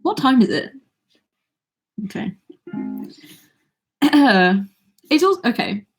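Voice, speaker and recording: A woman's voice: fairly high pitch, very animated, takes it slowly, creaky, husky, faint music behind. A nineteen-year-old woman with an English accent, chatting casually on a livestream and reading viewer comments aloud between songs.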